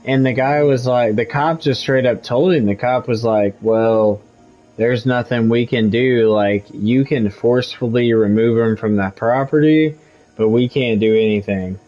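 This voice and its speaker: A man's voice: mid-range voice, steady tone, moderate pace, dark tone, highs cut off. A man from Missouri, a game streamer, telling a story at home in a heated, profane casual chat. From Missouri, USA. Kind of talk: casual chat while gaming.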